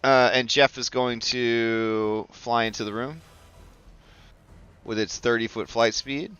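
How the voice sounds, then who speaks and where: A man playing a tabletop game, chatty and excitable while taking his turn. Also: medium pitch, takes it slowly, clean tone, no room sound, muffled recording. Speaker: player.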